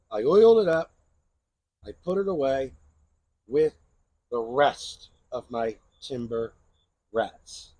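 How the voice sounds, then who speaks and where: A man's voice: medium pitch, a little mellow, breathy edge, no echo. A man hosting a knife channel, chatting casually in a rambling show-and-tell review and often asking "right?".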